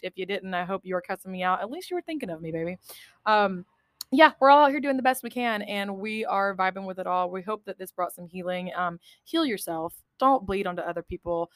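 A woman's voice: mid-range voice, a bit bright, dry recording. A woman hosting a podcast in casual chat, blunt and emphatic, swearing freely. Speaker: podcast host.

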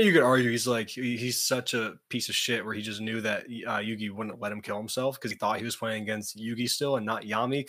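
A man hosting a casual podcast chat, animated and swearing freely. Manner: animated, acts out cartoon quotes in loud high voices. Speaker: podcast host.

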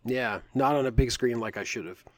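A man in his thirties co-hosting a podcast in casual chat, animated and teasing, swearing now and then. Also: medium pitch, brisk, dry recording. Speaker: podcast co-host.

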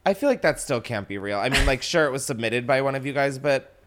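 A man's voice: medium pitch, animated, fast talker, noisy background. Playful, giggly podcast host man. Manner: playful, laughing, goes off on silly bits. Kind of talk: casual podcast chat; reads a sponsor ad.

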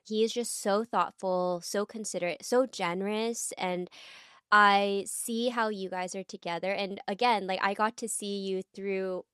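A young woman co-hosting a podcast, talking in a warm, effusive, casual way. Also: mid-range voice, steady tone, a little slow, clear, resonant tone, dry recording, studio quality. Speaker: podcast co-host. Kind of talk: casual chat.

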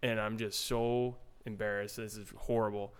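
A man's voice: on the low side, little pitch movement, normal speed, clear, resonant tone. A young man, a pro hockey player, casually telling a story in an interview, laid back with lots of fillers. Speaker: guest, pro hockey goalie.

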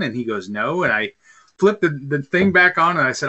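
Fast and animated, with a sharp tone in the middle of his range, this thirty-something podcast co-host talks casually as if over a beer. His stories ramble on at length, packed with filler words and false starts.

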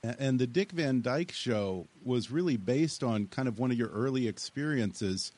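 A man hosts a radio interview, nudging his guest along with questions and recaps. His voice sits at an ordinary male pitch and sounds relaxed and conversational. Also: normal speed.

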